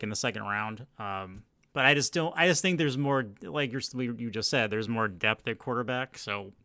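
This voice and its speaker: Male co-host, bright mid-pitched voice, hedging casual chat. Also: dry recording, studio quality. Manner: rambling, trailing off, hedging. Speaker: podcast co-host. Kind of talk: casual fantasy football chat.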